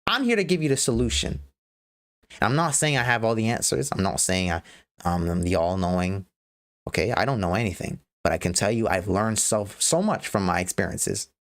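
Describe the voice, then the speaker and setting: A woman with a low voice delivers a motivational rant to her livestream audience. She is blunt and profane, with a lively, animated pitch that keeps rising and falling for emphasis. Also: brisk. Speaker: livestream host.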